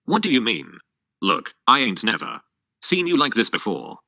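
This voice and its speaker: A male text-to-speech voice reading the lines of a talkative, blunt male donkey in a flat, synthetic way. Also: mid-range voice, moderate pace, no room sound, studio quality, full character voice. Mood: chatty.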